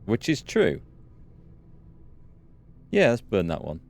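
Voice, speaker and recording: A man's voice: on the low side, huge pitch swings, takes it slowly, creaky, darkish tone. A man hosting a let's play, chatting and laughing through his commentary. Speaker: gaming video host.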